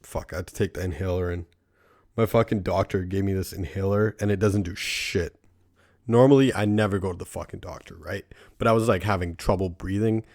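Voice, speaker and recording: A young man hosts his podcast alone in a low, deep-set voice, recorded close and dry with no room sound. He rambles loosely, swears constantly and fills his talk with "like" and "right?". He often laughs at his own stories. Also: steady tone, a little fast, a little mellow, no echo. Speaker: podcast host. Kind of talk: casual solo podcast monologue.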